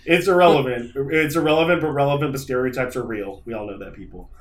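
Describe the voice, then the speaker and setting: A man's voice: medium pitch, fast talker, slight background noise. A man on a podcast who vents about his week in a rambling, profane storytelling manner. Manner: frustrated venting. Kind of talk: casual chat.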